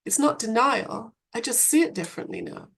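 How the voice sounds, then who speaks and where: Lively woman guest, high voice. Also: a little fast, gravelly, slightly rough. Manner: animated storytelling with laughs; reflective, conversational. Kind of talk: podcast interview.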